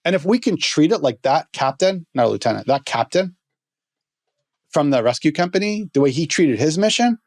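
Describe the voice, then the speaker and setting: A middle-aged man, a former fire lieutenant, tells an emotional story as a podcast guest, earnest and halting, often restarting his words. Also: a little high, expressive, no echo, clean studio sound.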